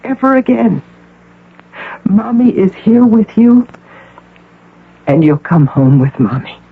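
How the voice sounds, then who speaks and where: A woman playing an intense, possessive woman posing as a devoted mother in a 1980 radio drama, speaking softly, coaxing and insistent. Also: mid-range voice, very animated, slow, slightly rough, heavily acted. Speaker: visitor claiming to be the patient's mother. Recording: narrow phone-like radio broadcast with faint hum.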